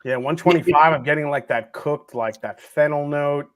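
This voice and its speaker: A man with a fairly high voice talks animatedly through a whiskey tasting, swearing now and then. His voice sounds close and dry, with no room around it. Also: moderate pace, dry recording. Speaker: whiskey club co-host. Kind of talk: casual tasting chat.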